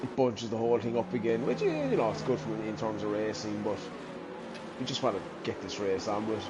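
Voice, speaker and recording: A man's voice: lowish voice, lively intonation, fairly quick, crowd noise. A man commentating a live sim race, thinking aloud with many restarts and trailing sentences.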